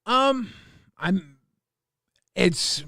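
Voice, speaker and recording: A man's voice: high voice, animated, drawn-out words, creaky, pushed and bright, no room sound. A man hosting a casual livestream chat, laid-back, teasing and reading out viewer messages on a close mic. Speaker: livestream host.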